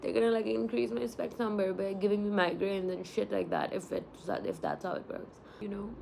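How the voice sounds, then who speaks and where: A woman's voice: medium pitch, lively intonation, fairly quick, creaky, dark tone, slight background noise, poor audio. A woman of about twenty, chatting candidly and rambling to her phone camera in a casual vlog, with plenty of swearing. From India. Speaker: vlogger.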